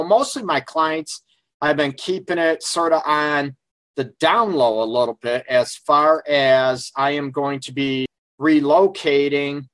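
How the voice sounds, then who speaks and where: A man's voice: fairly high pitch, a bit bright, dry recording. A middle-aged man hosting a casual live call-in radio show from his office, talking frankly and rambling with lots of fillers. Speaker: radio show host and relationship counselor.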